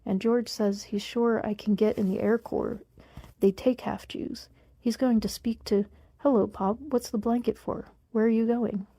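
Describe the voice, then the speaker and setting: Woman doing a chatty seventeen year old boy, eager, dark gravelly voice. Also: fairly high pitch, fairly even intonation, a little slow, no room sound. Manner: eager, talkative.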